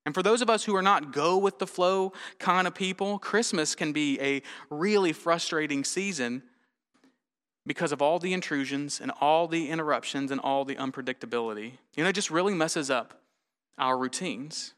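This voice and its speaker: Bright, clear-voiced pastor preaching. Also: male voice, fairly high pitch, moderate pace, in a large hall. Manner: conversational, storytelling, self-deprecating humor. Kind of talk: sermon.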